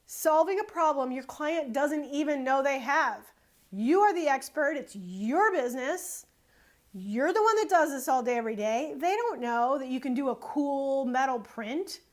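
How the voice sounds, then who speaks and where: Brief: woman, higher-pitched, photographer telling a fed-up sales story, emphatic and animated. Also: unhurried. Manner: animated, exasperated, emphatic repetition. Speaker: photographer and small business owner. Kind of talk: casual storytelling sales advice.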